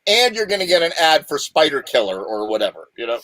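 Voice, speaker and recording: A man's voice: on the high side, sing-song, quick pace, bright, forceful tone, poor audio. A man hosting a live video show from a home green-screen setup, rambling through jokey stories. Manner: joking, rambling storyteller. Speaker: show host. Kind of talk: casual chat on a live video call.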